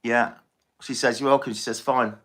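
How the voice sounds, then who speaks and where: Male tarot reader on a live stream; bright tone, chatty and soothing, says things twice. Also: mid-range voice, steady tone, normal speed, a little hiss or hum. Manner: chatty, reassuring, repeats himself.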